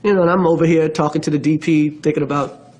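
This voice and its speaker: Film director telling set stories. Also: male voice, on the high side, steady tone, quick pace, darkish tone. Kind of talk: documentary interview.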